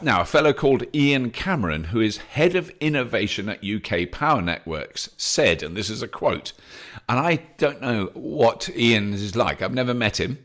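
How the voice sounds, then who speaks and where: Man, podcast host, low voice, very lively pitch, enthusiastic, chatty, self-deprecating. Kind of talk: solo news update podcast.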